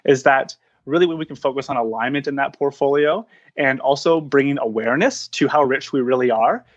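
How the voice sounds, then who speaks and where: A man appears as a podcast guest, the founder of a coaching practice, talking reflectively in an earnest, searching way with frequent restarts. His voice sits at medium pitch and moves fairly quickly. The audio is dull.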